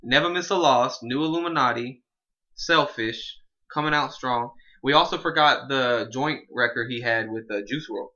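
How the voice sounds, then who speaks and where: A man's voice: mid-range voice, moderate pace, pushed and bright, highs cut off. A man co-hosting a casual music review chat, laid-back and slangy, working through his thoughts with restarts. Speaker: music podcast co-host.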